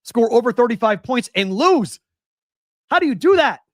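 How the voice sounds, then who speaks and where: A man's voice: extremely high pitch, sing-song, normal speed, no echo, clean studio sound. A man in his forties hosting a sports talk show, ranting with exasperated rhetorical questions. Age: 40s. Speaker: sports betting show host. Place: West Coast.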